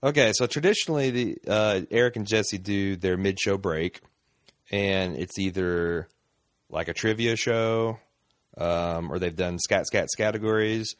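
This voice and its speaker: A man's voice: lowish voice, a little slow, no room sound, studio quality. A man hosting a podcast in casual chat, rambling and chuckling, at times parodying a pompous senator. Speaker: podcast host.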